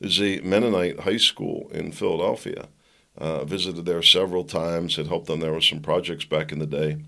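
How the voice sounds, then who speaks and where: A man hosting his own podcast gives casual solo commentary packed with sarcastic asides and jokes. His voice is deep, steady, creaky and sharp-toned, at a normal speed.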